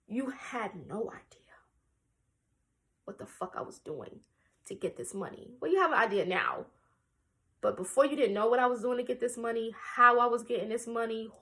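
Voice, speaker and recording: A woman's voice: a little high, a bit bright. A woman in her twenties, a vlogger, candidly telling a personal story to camera in a raw, emotional and blunt way, swearing casually.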